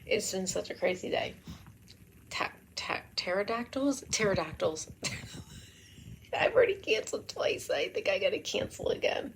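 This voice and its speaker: A woman's voice: medium pitch, sing-song, normal speed, pauses often, slight background noise. Giggly rambling woman vlogger. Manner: rambling, swears often, breaks into giggles. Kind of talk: casual storytelling vlog.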